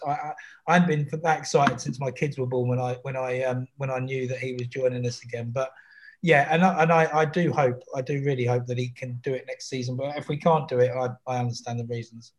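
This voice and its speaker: A man co-hosting a football podcast, talking earnestly and stumbling over his words. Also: mid-range voice. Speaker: podcast co-host. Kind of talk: casual football podcast chat.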